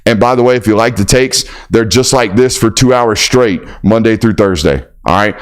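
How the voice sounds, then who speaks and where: A man's voice: lowish voice, normal speed, clean tone. A male host on a college football reaction livestream, talking in a blunt, emphatic and profane way and hammering home repeated punchlines. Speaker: sports show host.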